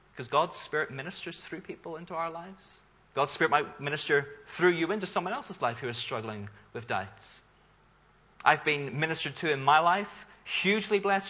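A man's voice: a little high, pushed and bright, husky, muffled recording. A man preaching a sermon as the pastor, earnest, asking rhetorical questions and building in force for emphasis.

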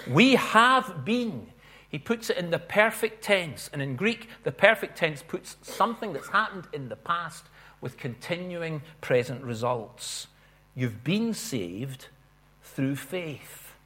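A man preaching a sermon in an earnest way, swelling and slowing on stressed phrases. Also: fairly high pitch, fairly bright tone.

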